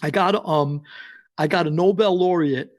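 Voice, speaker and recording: A man, a guest author telling stories in an interview and acting out the dialogue. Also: a little high. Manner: acts out dialogue in quotes, fast and excited. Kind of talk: animated storytelling interview.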